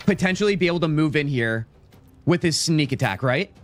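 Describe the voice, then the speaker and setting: A man with an American accent hosting a casual gaming livestream, animated and chatty with his viewers, a bit out of breath. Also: a little high. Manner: animated, talks fast and chatty to viewers, says "dude" often. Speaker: livestream host. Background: faint game and tavern music.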